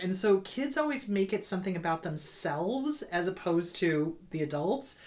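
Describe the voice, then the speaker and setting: A woman therapist with a somewhat low voice talks casually through questions sent in by viewers. She is earnest and conversational, and she often repeats words for emphasis. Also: expressive, moderate pace, few pauses, a little mellow. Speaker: therapist hosting an advice show. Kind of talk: casual advice talk answering viewer letters.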